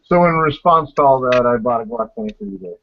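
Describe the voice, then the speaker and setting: Over an online voice call, a podcast host chats before the show in a blunt, profane, rambling way. His voice is on the high side, expressive, quick, and creaky, and the dull lo-fi call has slight background noise.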